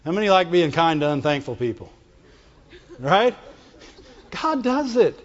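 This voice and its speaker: A man preaching a sermon, animated and playful, acting out whining voices and laughing often. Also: fairly high pitch, unhurried. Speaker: pastor. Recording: dull sound with long hall reverb.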